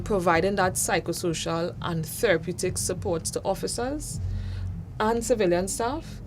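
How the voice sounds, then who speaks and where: A woman's voice: lowish voice, moderate pace, soft background music. A woman, a police social work manager explaining support services in an earnest, articulate way. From Trinidad and Tobago. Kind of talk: interview explanation.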